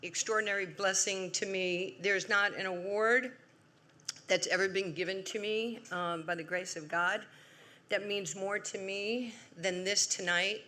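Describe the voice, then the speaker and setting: A woman in her sixties with a New York accent, giving an award acceptance speech as a lively, humorous storyteller. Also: mid-range voice. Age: 60s. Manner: lively, humorous storyteller, acts out quoted voices. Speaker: award honoree. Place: large event hall.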